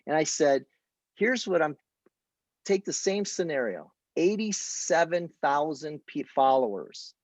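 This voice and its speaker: A man with a voice on the high side runs a casual training on presenting a business opportunity, storytelling and quoting exchanges along the way. There's no room sound in the recording.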